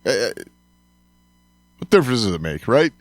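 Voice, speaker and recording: A man's voice: mid-range voice, very animated, moderate pace, no echo. A man co-hosting a podcast in casual chat, agreeable and laughing often. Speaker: podcast co-host.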